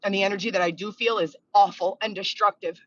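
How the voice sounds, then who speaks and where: A woman's voice: medium pitch, fairly even intonation, fast, dry recording. A woman venting in a monologue video, agitated and profane, reeling off complaints one after another. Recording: dull lo-fi clip audio.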